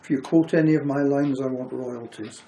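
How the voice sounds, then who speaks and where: A man chatting as a guest co-reviewer, making dry, deadpan quips. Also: mid-range voice, moderate pace, gravelly, a little hiss or hum. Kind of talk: casual chat about a film. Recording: roomy echo.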